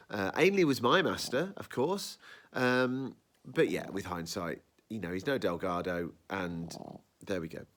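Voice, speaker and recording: A man hosting a casual review podcast, animated and rambling, often breaking off mid-sentence. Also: lowish voice. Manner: animated, rambling, self-interrupting. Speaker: podcast host.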